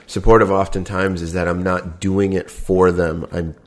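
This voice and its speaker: Deep-voiced man explaining on a podcast. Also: level tone, moderate pace. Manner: explanatory, gives step-by-step examples. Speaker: podcast co-host. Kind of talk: casual podcast chat.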